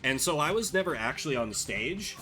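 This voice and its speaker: A young man streaming a game tells rambling, filler-heavy stories in casual chat. His slightly high voice swings widely in pitch and moves briskly, with music playing in the background.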